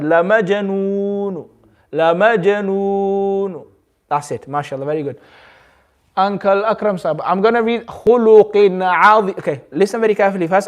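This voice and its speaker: A man teaching a community class, patiently drawing out each word slowly, then explaining in quick bursts. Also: sits high. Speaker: Quran recitation teacher. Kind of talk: hands-on group lesson.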